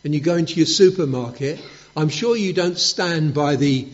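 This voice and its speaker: A man's voice: on the high side, normal speed. A man preaching a sermon, telling stories and acting out little quotes in a conversational way. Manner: storytelling with acted quotes, conversational. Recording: dull lo-fi recording.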